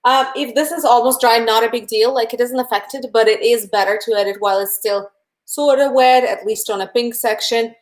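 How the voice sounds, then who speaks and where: A young painting instructor with a Russian accent teaches a live lesson, chatting warmly, speaking directly to her viewers and responding to their chat. Her voice sits a little high, steady and fairly quick.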